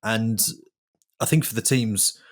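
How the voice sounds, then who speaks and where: A man's voice: lowish voice, steady tone, slow. A male journalist on a podcast, chatting casually and analysing in detail, with fillers like "you know". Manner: analytical, with fillers like 'you know'.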